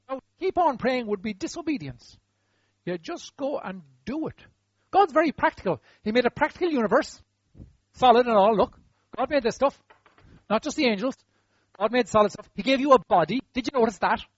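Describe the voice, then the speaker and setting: Guy preaching, chatty and jokey, high animated voice, dry dull sound. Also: husky, dry recording. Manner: conversational, humorous, acts out quotes. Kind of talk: sermon.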